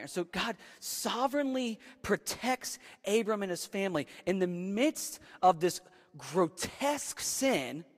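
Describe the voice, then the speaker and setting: A young man preaching a casual, conversational sermon, often checking in with "right?" and acting out the people in his story. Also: high-pitched. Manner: keeps asking "right?" and acts out voices in quotes. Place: church hall with a live audience. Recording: long reverb of a large hall.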